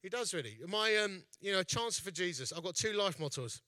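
Bloke preaching, high-pitched, jokey, dry close sound. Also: male voice, expressive, fairly quick, sharp tone, dry recording. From East London, England. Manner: jokey, chatty, self-mocking. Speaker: evangelist speaker, festival founder. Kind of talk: storytelling sermon.

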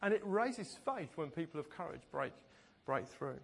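A man's voice: a little high, big pitch swings, moderate pace, gravelly, slight background noise. A man preaching a sermon as pastor, telling stories in a conversational way and often laughing.

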